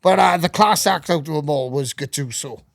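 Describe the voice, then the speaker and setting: Middle-aged male podcast guest: raspy, higher-set voice, profane and animated, recorded dry and close. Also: brisk, no echo. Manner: swears constantly, animated anecdotes. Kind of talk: casual storytelling.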